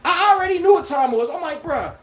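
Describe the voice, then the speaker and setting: Man ranting on his sports podcast, lively swooping pitch, echoey room, profane, rhetorical questions. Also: very fast. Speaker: podcast host.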